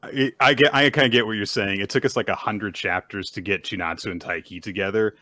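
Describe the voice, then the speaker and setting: A man co-hosting a casual recap chat, retelling scenes with lively quoted voices. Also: brisk, no room sound. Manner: animated retelling, jumps high when quoting characters. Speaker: podcast co-host.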